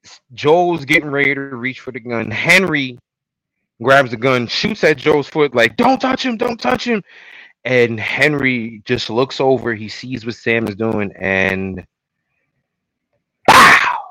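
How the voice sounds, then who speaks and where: A man with a bright, forceful voice talks at an unhurried pace. He retells scenes in loose podcast chat and now and then bursts out, loud and worked up. The sound is dry and close. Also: medium pitch, no room sound, poor audio. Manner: animated, swings into loud exasperated outbursts. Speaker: podcast co-host. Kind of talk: casual recap chat.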